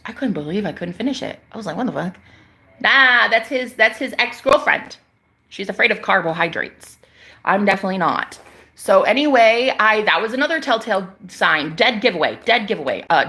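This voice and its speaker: This young psychic vlogger preaches about the spiritual to her followers in a casual monologue, her medium-pitched voice creaky, bright and forceful. She talks at a normal pace with lively intonation, sounding emphatic and slangy and swearing without restraint.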